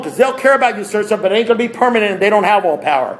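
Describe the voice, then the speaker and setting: A man's voice: high voice, animated, rapid-fire. A man speaking at a recovery meeting, blunt and preachy, firing off rhetorical questions. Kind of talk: AA meeting talk.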